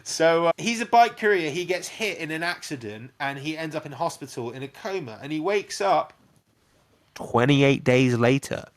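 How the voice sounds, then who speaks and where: A young man recapping a film for his co-hosts in loose, profane pub-chat style. He tells it in a rush, dropping in shouted cries and bits of dialogue as he goes. His voice sits a little on the high side. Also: fairly quick, few pauses. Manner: sweary, animated retelling with little sound effects. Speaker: podcast co-host.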